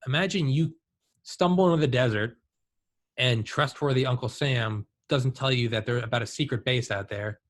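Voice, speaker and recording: Animated man telling stories casually. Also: mid-range voice, moderate pace. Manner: animated storyteller, says "dude" and "like". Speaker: podcast host. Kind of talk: casual conversation.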